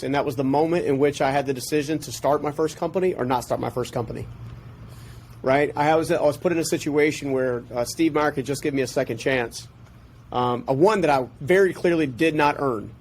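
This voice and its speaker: A man telling a personal story as a podcast guest, in an animated, passionate way. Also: a little high, a little fast, slight background noise.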